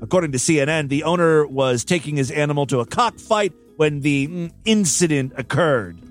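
This man's voice is on the high side, with lively intonation and a normal pace, and faint music sits underneath. Hosting a comedy podcast, he reads bizarre news aloud and breaks in with joking, pretend-outraged remarks as comic commentary.

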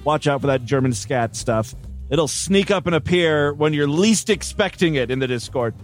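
A man's voice: fairly high pitch, lively intonation, normal speed, faint music behind. A man hosting a podcast, giving crude, irreverent commentary on clips. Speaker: podcast host.

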